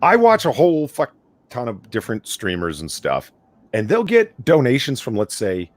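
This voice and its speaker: A man co-hosting a casual stream chat, ranting with animated energy and swearing freely. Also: medium pitch, moderate pace. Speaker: co-host. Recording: dry close-miked audio.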